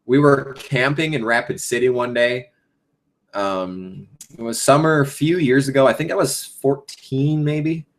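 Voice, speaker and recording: A man's voice: mid-range voice, measured pace. A young man in his late teens hosting a casual live Q&A as a gaming YouTuber. He rambles with lots of ums and swears freely.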